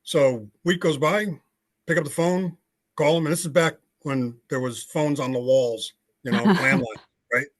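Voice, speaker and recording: Older US man, podcast guest over video call; blunt storyteller, slightly high voice, plenty of ums. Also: normal speed. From United States. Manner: blunt, conversational, with frequent fillers. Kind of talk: storytelling interview.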